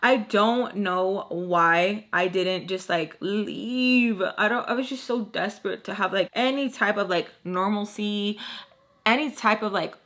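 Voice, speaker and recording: Chatty woman with a bright voice. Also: medium pitch, unhurried. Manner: chatty, constant filler "like". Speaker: vlogger telling a story. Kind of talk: casual storytime.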